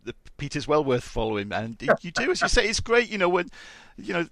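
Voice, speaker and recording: A man's voice: a little high, big pitch swings, creaky, fairly bright tone, no room sound. Eager fan host, a man. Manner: enthusiastic fan, backchannels and quick agreement. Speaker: podcast host. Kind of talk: interview hosting.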